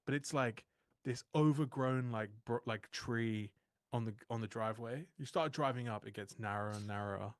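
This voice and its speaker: This young man talks at a middling pitch, close and dry on the mic with no room sound. He co-hosts a live trading stream, telling stories with lively energy and swearing freely. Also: normal speed, no room sound. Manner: animated, swears freely, acts out quotes. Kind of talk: casual storytelling chat.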